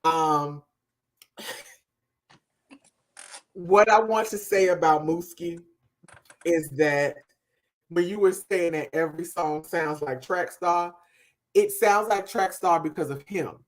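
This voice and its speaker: A woman co-hosting a podcast, giving a casual, emphatic music review that trails off softly at the ends of thoughts. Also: fairly low pitch, slow pace, long pauses. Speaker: podcast co-host.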